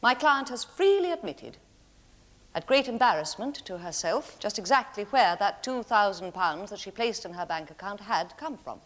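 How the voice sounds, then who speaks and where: A composed defence barrister from a 1970s courtroom drama, formal and earnest as she pleads her client's case. Her voice sits at an ordinary middle pitch and stays measured and persuasive. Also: very animated, fairly bright tone. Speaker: defence counsel.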